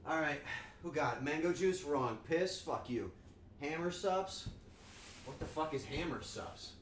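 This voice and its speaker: A man's voice: a little high, measured pace, slight background noise. A man casually chatting with his viewers on a cooking stream, playful and joking. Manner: playful, joking with chat, animated outbursts. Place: home kitchen. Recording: echoey room, faint ambience.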